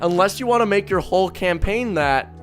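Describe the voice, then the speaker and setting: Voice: mid-range voice, brisk, faint music behind. Joking, foul-mouthed show host. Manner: swearing, joking, animated. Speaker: host of a tabletop game show. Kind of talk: casual chat and Q&A.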